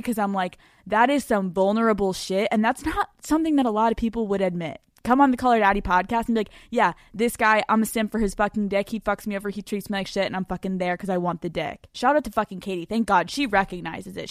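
A woman's voice: mid-range voice, dry recording, clean studio sound. A young woman hosting a podcast, talking bluntly and emphatically with lots of swearing, in a casual chat and rant. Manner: blunt, heavily profane, emphatic rants. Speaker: podcast host.

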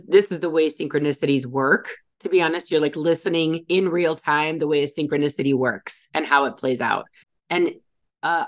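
Low-voiced, slightly hoarse woman podcaster. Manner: rambling, many fillers and restarts. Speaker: podcast host and psychic medium. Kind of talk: casual spiritual podcast talk.

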